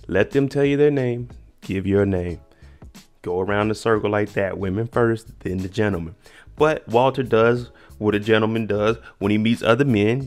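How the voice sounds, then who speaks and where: A man's voice: on the low side, creaky. Chatty man giving dating advice. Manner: relaxed, chatty, slangy, advice to "fellas". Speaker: reality show reaction host. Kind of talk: casual commentary and dating advice.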